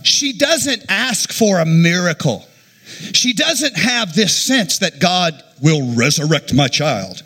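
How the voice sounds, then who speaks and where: Animated, bright-voiced storytelling pastor man. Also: sits high, takes it slowly, slightly rough. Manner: animated, jokey, acts out quotes. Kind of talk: sermon with humorous storytelling.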